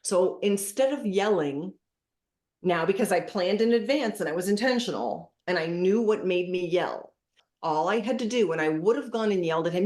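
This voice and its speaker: Middle-aged woman, guest expert, lowish voice, storytelling chat in an echoey room. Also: moderate pace. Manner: animated storytelling, acting out dialogues. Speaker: parenting specialist guest. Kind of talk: casual interview chat.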